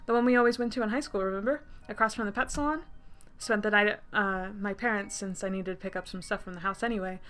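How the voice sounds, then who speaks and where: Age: young adult figure. Figure: shy, gentle young woman, read by a woman. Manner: soft, hesitant. Pitch: middle. Tone: bright. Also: steady tone, fast, natural voice. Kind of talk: reading game dialogue aloud.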